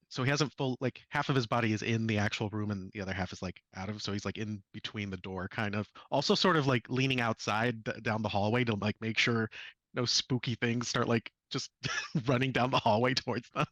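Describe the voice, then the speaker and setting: A man at a tabletop session stumbles to describe where his character stands, restarting again and again. His voice is lowish and sounds dry and close. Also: a bit bright, no echo. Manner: fumbling, restarts constantly. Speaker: player. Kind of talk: casual tabletop play.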